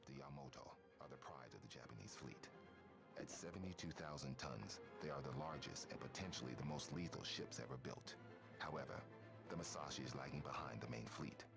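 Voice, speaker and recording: A man voicing a gruff male military briefing officer in a game mission briefing, blunt and commanding. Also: rumbling low. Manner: blunt, commanding, salty soldier talk. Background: music.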